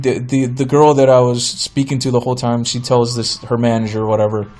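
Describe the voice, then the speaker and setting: A man in his thirties hosting a podcast, telling a comedic story in an exasperated, animated way and mimicking the people in it. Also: medium pitch, brisk, soft background music. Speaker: podcast host.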